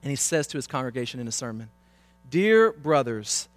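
A male pastor preaching a sermon, swinging from loud, impassioned urging to hushed pleading. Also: medium pitch, fairly even intonation, very fast, faint music behind.

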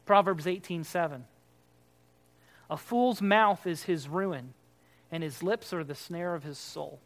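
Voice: medium pitch, unhurried, fairly bright tone. A pastor giving a conversational sermon, asking the listeners rhetorical questions and acting out the remarks that people make. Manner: acts out quoted remarks in character.

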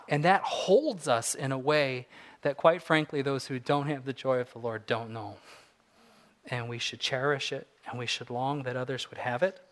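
A man in his forties preaching a sermon, earnest, moving between soft reflective passages and rising emphatic ones. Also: medium pitch. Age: 40s. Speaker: pastor.

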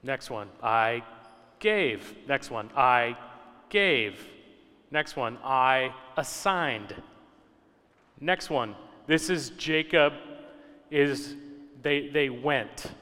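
A man's voice: mid-range voice, lively intonation, extremely slow, long pauses, bright, forceful tone, clear, resonant tone, long reverb tail. A man preaching a conversational, teaching sermon, repeating key words for emphasis. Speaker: pastor.

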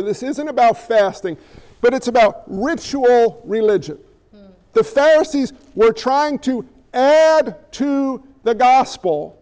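A man's voice: very high-pitched, a little mellow, poor audio. A man preaching a sermon as a pastor, conversational and joking, often asking the congregation questions.

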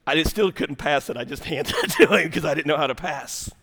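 A man, preaching an animated sermon full of comic stories, swinging from shouts to hushed lines. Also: a little high, a little fast. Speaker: pastor.

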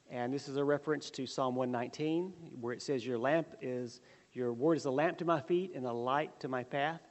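A man's voice: mid-range voice, a little fast. Earnest male Bible teacher, conversational, recorded in a reverberant church hall. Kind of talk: prayer then Bible lesson.

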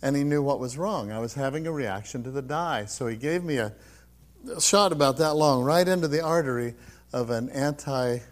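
A man's voice: mid-range voice, moderate pace. An older man giving a personal testimony, telling his story with frequent laughs and quoting others as he goes. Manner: storytelling, laughs often, acts out quotes.

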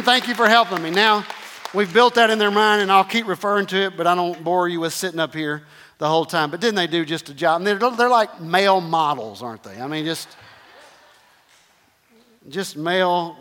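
High voiced guy preaching, punchy repeats, calls out to the crowd, big echoey church. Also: pushed and bright. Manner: repetitive, emphatic preaching with call-and-response. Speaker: pastor. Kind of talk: sermon.

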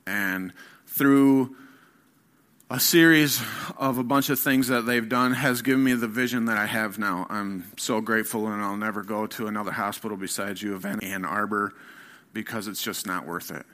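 A middle-aged man giving an earnest personal testimony as a sermon, telling his story haltingly with fillers and restarts. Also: fairly low pitch, steady tone, a bit bright. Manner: earnest, candid. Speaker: guest speaker.

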